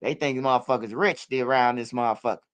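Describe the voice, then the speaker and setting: A man's voice: mid-range voice, steady tone, fast, smooth. A man giving casual, rambling, profane commentary on street news.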